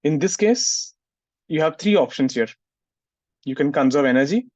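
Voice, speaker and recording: A man's voice: on the high side, animated, moderate pace, darkish tone, no room sound. A male physics teacher, lecturing a class and scolding students who don't listen. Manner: scolds students, asks "getting it?" often. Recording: muffled, dry sound.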